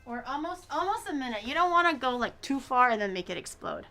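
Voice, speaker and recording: Fast, bright and forceful, this woman's high voice swings widely in pitch as she rambles through a casual livestream of herself cooking at home, reacting in an exaggerated way. Slight background noise is audible.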